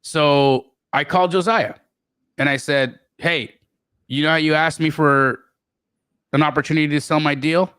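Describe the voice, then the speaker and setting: A middle-aged man telling stories as a podcast guest, animated, often repeating words and restarting. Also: moderate pace, clean tone, dry recording, clean studio sound. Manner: animated, acts out quoted voices with big pitch jumps. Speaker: guest real estate investor. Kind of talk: storytelling in a podcast interview.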